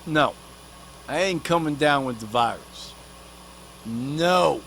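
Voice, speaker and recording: A man's voice: fairly high pitch, animated, slow, a bit bright, slight background noise. A man in a profane, rambling comic rant, full of street slang and swearing, who sometimes talks about himself in the third person. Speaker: vlogger.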